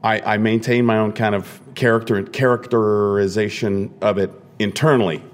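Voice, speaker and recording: A man's voice: fairly low pitch, steady tone, normal speed. A man, an opera singer on a panel, talking emphatically about his character and often repeating words as he starts a thought. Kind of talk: panel interview.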